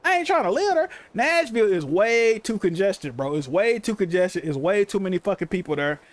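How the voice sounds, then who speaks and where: This is a man with a high voice for a man, talking on a casual game livestream. He tells animated stories, swearing freely and peppering them with slang. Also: fairly quick. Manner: profane, animated storytelling, heavy slang. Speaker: game streamer.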